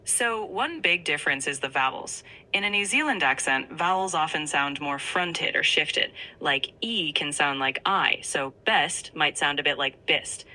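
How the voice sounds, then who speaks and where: A woman's voice: low-pitched, lively intonation, unhurried, few pauses, pushed and bright, low-quality recording. A synthetic woman's voice of an AI assistant, answering in upbeat, polished phrases.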